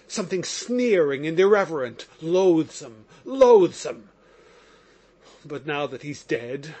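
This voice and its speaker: A man voicing an impassioned young man accused of murder, in audiobook narration. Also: a little high. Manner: impassioned, exclamatory.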